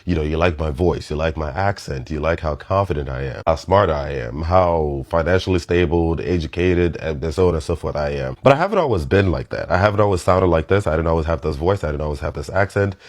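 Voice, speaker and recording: A man's voice: rumbling low, animated, fairly quick, hardly any pauses. A man with a Nigerian accent, giving a blunt and emphatic commentary monologue full of swearing. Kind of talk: impassioned social commentary monologue. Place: United States.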